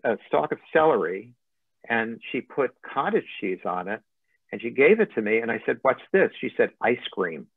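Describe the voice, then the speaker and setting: A male motivational coach gives a webinar over a video call, talking in a chatty way and telling funny stories. His mid-pitched voice comes through a narrow, phone-like line. The sound is dry, with no room around it. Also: no room sound. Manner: conversational, tells anecdotes with humor. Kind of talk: webinar presentation.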